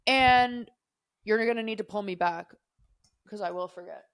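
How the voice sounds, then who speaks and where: A woman's voice: mid-range voice, moderate pace, smooth, no echo, clean studio sound. A young woman co-hosting a podcast, chatting casually and telling a rambling, profane story full of digressions. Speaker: podcast co-host. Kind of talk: casual chat.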